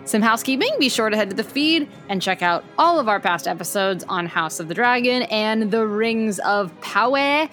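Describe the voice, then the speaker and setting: A woman's voice: medium pitch, lively intonation, normal speed, hardly any pauses, a bit bright, soft background music. A young adult woman co-hosting a pop-culture podcast, talking casually and rambling, with many likes and ums. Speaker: podcast co-host. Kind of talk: casual chat.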